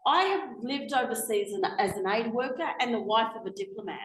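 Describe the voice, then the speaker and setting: A middle-aged woman delivers a public talk, passionate and emphatic. Her voice sits a little high and bounces off the walls of an echoey hall. A faint hiss runs underneath. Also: lively intonation, fairly quick, fairly bright tone. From Australia. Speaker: guest speaker. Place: meeting hall.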